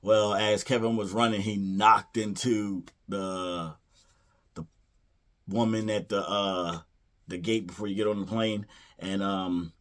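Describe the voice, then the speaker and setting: A man with a low, deep voice talks through a movie's plot in a loose, casual way. He wanders and restarts his sentences, leaning on "you know" and "uh" as he goes. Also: fairly even intonation, takes it slowly, a bit bright. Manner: rambling, many fillers and restarts; playfully acts out character lines. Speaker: movie reviewer.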